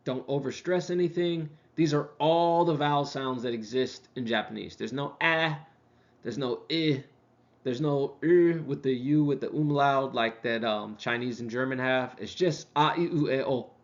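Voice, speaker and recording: Guy teaching a lesson, relaxed, lots of ums, slows down to sound stuff out, bit muffled lo-fi audio. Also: mid-range voice. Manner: casual, many ums, slows down to demonstrate sounds. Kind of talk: language lesson review. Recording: dull lo-fi recording.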